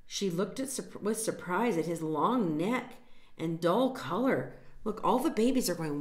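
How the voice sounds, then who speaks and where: A woman reading a picture book aloud to children, gently stopping to explain words and point at the pictures. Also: fairly low pitch, expressive, a little slow. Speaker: storytime reader. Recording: echoey room.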